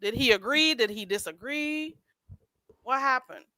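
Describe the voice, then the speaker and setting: A woman's voice: high voice, expressive, a little slow, bright, forceful tone, dry recording, poor audio. A woman hosting a casual live chat stream, chatty and laughing as she questions her guests.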